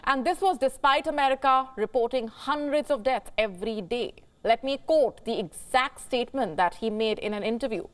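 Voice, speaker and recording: A woman's voice: fairly high pitch, moderate pace, few pauses. A woman news anchor delivering scripted commentary emphatically, quoting experts and posing rhetorical questions to the viewer.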